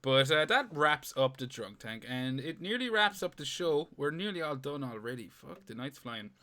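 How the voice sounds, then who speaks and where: A man's voice: mid-range voice, big pitch swings, normal speed, bright, forceful tone. A young man co-hosting a podcast, rambling, joking and swearing in casual banter. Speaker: podcast co-host.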